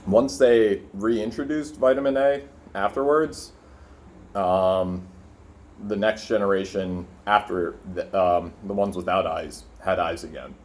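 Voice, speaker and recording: A young man with a fairly low voice talks casually from his room, eating as he goes. He rambles loosely, full of fillers and the odd curse, and keeps an easygoing vlog tone throughout. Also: a little slow, a little mellow. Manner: rambling, profane, filler-heavy, talking while eating. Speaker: vlogger. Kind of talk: casual food vlog with rant.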